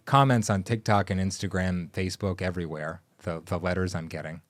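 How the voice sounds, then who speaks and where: Man, podcast co-host, casual comedic chat, boastful banter, somewhat low voice, dry studio sound. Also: steady tone, a little fast, dry recording. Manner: joking, boastful, rambling with fillers.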